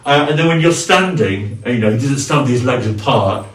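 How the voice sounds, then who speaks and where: A man talks through his costume in a relaxed, chatty way, stopping and restarting as he goes. He sounds a bit far from the mic, and the room echoes around him. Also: medium pitch. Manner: chatty, halting, with fillers and restarts. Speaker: cosplayer, video host. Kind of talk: casual costume walkthrough.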